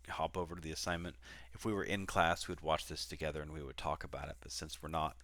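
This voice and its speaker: Man, deep voice, bright and forceful tone, dry close sound, online flight lecture, casual with lots of ums. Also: no room sound. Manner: casual, explanatory, with many fillers and restarts. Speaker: flight instructor.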